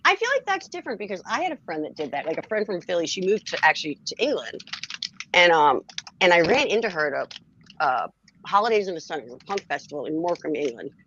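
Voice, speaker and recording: A woman from Philadelphia with a faint Philly accent tells an anecdote in casual chat. Her voice sits low yet rises and falls a lot. The audio sounds muffled and lo-fi. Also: fast talker, slight background noise. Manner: animated storyteller, laughs between lines.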